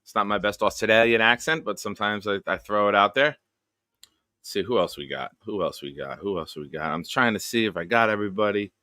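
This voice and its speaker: A man's voice: fairly low pitch, a little fast, bright, forceful tone, no echo, clean studio sound. A man hosting a casual live stream show, greeting viewers one by one with jokes and upbeat energy. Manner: jokey, upbeat roll call of viewers. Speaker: show host.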